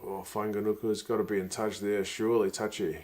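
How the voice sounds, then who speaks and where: This streamer talks at a slightly fast clip with a fairly low pitch, keeping things casual as he watches rugby and reads out comments from viewers. Big plays set off bursts of excitement, and he laughs a lot.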